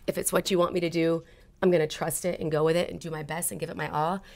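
Fast-talking woman telling a story. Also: low voice, gravelly. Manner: animated, acts out her own past dialogue. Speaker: actress and interview guest. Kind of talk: casual interview storytelling.

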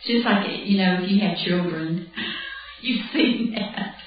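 A woman's voice: medium pitch, takes it slowly. Woman preaching in an echoey hall. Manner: conversational, animated, laughs and acts out dialogue. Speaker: Bible camp speaker. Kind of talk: sermon teaching. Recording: distant, roomy, dull lo-fi hall recording with faint music.

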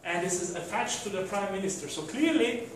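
Guy lecturing w lots of ums, kinda high voice, super echoey room, mic far off. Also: animated, fairly quick, a little hiss or hum. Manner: hesitant, many fillers and restarts. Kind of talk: university lecture.

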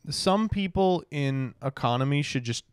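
A man's voice: a little high, animated, unhurried, smooth, no echo, clean studio sound. A man in his twenties, a law student, telling a rambling, joking, profane travel story. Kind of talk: casual storytelling recap.

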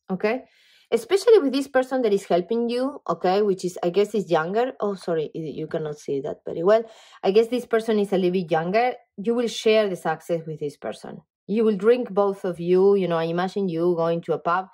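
Enthusiastic tarot reader woman. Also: mid-range voice. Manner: animated, enthusiastic, talks straight to the viewer; frequent fillers and "okay?" check-ins. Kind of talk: casual tarot reading to camera.

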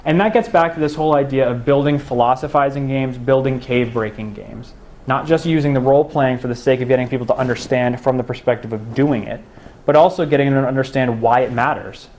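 A man's voice: mid-range voice, fast, darkish tone. A young man giving a public talk to a live audience about game-based learning, speaking conversationally and putting questions to the room. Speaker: education researcher giving a talk.

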